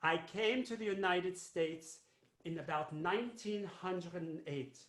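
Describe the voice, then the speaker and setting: A man's voice: high-pitched, a little slow, fairly bright tone. A man playing an elderly Jewish immigrant grandmother, a fussy, rambling storyteller who keeps repeating herself. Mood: somber. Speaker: cantor. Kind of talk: live character monologue. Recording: roomy echo.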